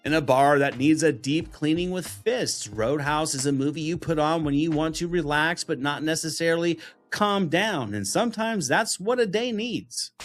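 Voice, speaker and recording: Middle-aged male host, scripted reflective narration, easygoing, slightly high pitch. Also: moderate pace. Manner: relaxed, reflective, affectionate.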